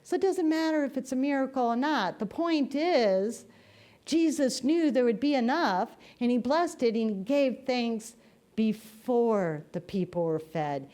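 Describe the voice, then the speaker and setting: Slow, conversational woman minister. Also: fairly high pitch, lively intonation, mellow. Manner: storytelling, conversational. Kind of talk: sermon.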